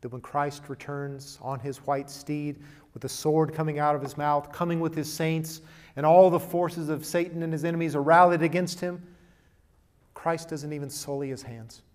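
A man preaching a sermon and reading a storybook passage aloud, swinging from hushed to loud and emphatic. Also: fairly high pitch, fairly even intonation, normal speed.

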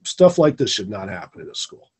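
A man's voice: lowish voice, big pitch swings, a little fast, husky. A man, a former teacher, telling a personal story in an earnest, rambling way and repeating phrases for emphasis. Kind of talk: casual storytelling in conversation.

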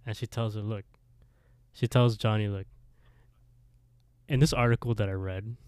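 A man's voice: on the low side, quick pace, smooth, dry recording, studio quality. A man co-hosting a podcast, casually retelling a TV episode with lots of swearing and laughter. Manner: animated storyteller, swears, laughs often. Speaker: podcast co-host.

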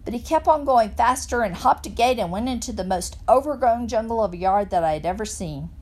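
A woman reading a children's novel aloud in a plain, steady narrating voice. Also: fairly high pitch, a little fast. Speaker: reader.

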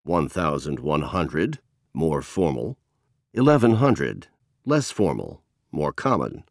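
A man narrating textbook audio, announcing exercise numbers and instructions in a measured way. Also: rumbling low, big pitch swings, no echo, clean studio sound.

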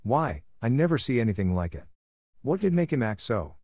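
A man's voice: mid-range voice, very animated, moderate pace, a little mellow, breathy edge, no room sound, studio quality. A man voicing a fussy older aunt who scolds and grows exasperated with a boy. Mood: scolding.

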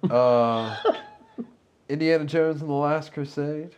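A man's voice: on the high side, takes it slowly, darkish tone, clean tone. A man co-hosting a casual chat about movies, rambling and amused, laughing often.

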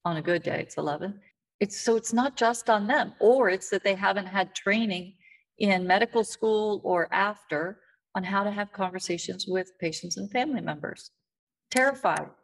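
A woman's voice: medium pitch, moderate pace. A woman in an interview who sounds weary and a little frustrated, telling stories in a candid, plain-spoken way. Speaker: end-of-life advocate, guest. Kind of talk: conversational storytelling interview.

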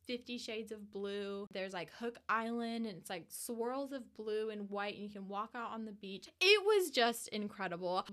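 Profane chatty young woman, smooth voice. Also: fairly high pitch, a bit bright. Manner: profane, gushing, lots of "like" fillers. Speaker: vlogger. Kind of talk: casual storytelling.

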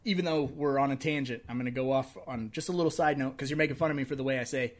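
A man's voice: mid-range voice, very fast. A man co-hosting a podcast in casual chat, laughing often and swearing freely. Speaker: podcast co-host.

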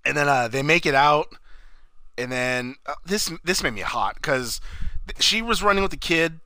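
A young man with a bright, forward voice rambles through a horror movie's plot, swearing freely and dropping into bits of the characters' lines. The sound is close and dry, with no room around it. It is casual podcast talk between friends. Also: a little high, animated, normal speed, no echo. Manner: rambling, swears often, acts out lines from the film. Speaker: podcast co-host. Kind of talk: casual movie recap chat.

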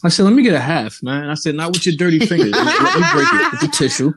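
A man's voice: a little high, fast, crowd noise. A young man telling a long story in casual talk, acting out the people in it. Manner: animated, acts out the people in his story. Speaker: podcast host telling a story.

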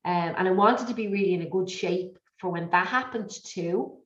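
A middle-aged woman speaking as an interview guest, telling her story in an emotional, repetitive, animated way. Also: fairly low pitch, moderate pace. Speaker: guest, business coach. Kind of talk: candid conversational interview. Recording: echoey, dull lo-fi audio.

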